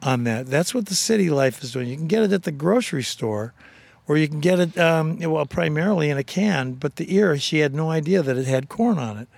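A man co-hosting a casual on-location interview, telling animated stories and joking with his guest. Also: a little high, gravelly, dry recording. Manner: animated storyteller, quick jokes and impressions. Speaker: radio show co-host.

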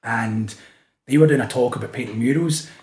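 A Scottish man with a Glasgow-area accent talks as a guest in a casual podcast chat, his voice sitting at an ordinary middle pitch. He tells his stories with energy, swears freely and acts out the people he quotes. The recording has a noticeable roomy echo. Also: normal speed. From Scotland. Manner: animated storytelling, swears often, acts out quotes. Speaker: guest, street artist.

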